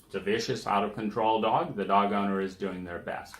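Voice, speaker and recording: A man's voice: on the low side, fairly even intonation, a little fast, fairly bright tone. A man hosting a self-help podcast, talking through examples in a conversational, emphatic way and acting out the people he quotes. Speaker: podcast host. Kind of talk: reflective self-help monologue. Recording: echoey room.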